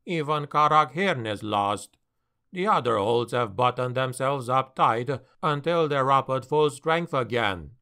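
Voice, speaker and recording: A man's voice: medium pitch, expressive, measured pace, pushed and bright, smooth. A man voicing a bitter, weary male dwarf harbor master who grumbles his complaints, for an audiobook.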